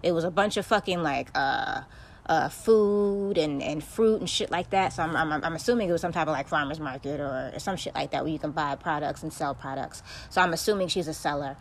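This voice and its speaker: A woman's voice: low voice, brisk, a little hiss or hum. A young woman hosting a podcast, ranting bluntly and profanely in a casual monologue. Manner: profane, blunt, heated storytelling. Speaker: podcast host.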